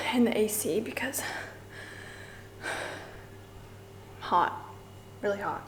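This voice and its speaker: A woman's voice: mid-range voice, a little hiss or hum. A young woman vlogging casually to camera about her day, chatty and upbeat, filling her talk with "like", hot and sweaty in a house. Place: house in Bali, indoors. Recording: echoey room with faint ambience.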